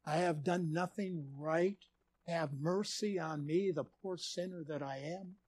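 A man voicing a humble, weeping male tax collector who quietly pleads for mercy, told as part of a sermon. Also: fairly high pitch, measured pace, no room sound. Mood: contrite.

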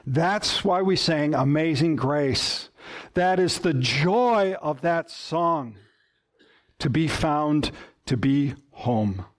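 Male pastor, slightly high voice, slow deliberate sermon delivery, earnest. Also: animated. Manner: slow, earnest preaching that drops soft and low at the close.

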